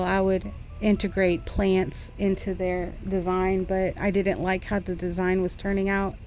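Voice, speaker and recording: In her casual art vlog, a young ex-teacher talks frankly and at length, venting her frustrations in a rambling way as she draws. Her voice sits on the low side with a darkish tone, and faint background music plays.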